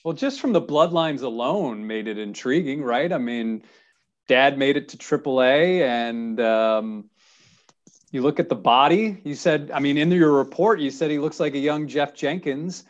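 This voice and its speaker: A man hosting a casual interview, asking questions in a relaxed way and reading out lists. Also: mid-range voice, measured pace, lo-fi sound. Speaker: podcast host.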